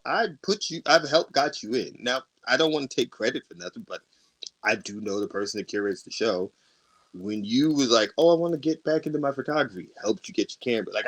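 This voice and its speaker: Animated man telling a story on a podcast. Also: mid-range voice. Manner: animated storyteller, acts out quoted arguments, laughs often. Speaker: podcast co-host. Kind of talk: casual storytelling chat.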